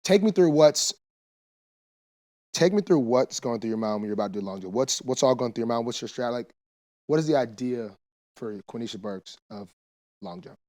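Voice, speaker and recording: Young male host, mid-pitched, curious questions, short reactions. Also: animated, moderate pace, pauses often, dark tone. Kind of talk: casual interview.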